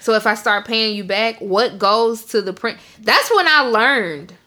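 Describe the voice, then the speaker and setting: A young woman co-hosting a podcast, telling stories in a profane, animated way and breaking into shouted outbursts. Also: on the high side, measured pace. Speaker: podcast co-host. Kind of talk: casual chat.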